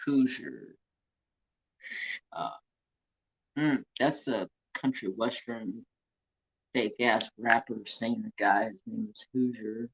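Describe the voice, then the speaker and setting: A man's voice: on the low side, slow, long pauses, fairly bright tone, breathy edge, highs cut off. A man from California hosting a craft channel, chatting casually and rambling with a loose, drawling, joking manner. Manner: rambling, self-talking, joking, loose Southern-tinged drawl. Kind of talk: casual live-stream chat.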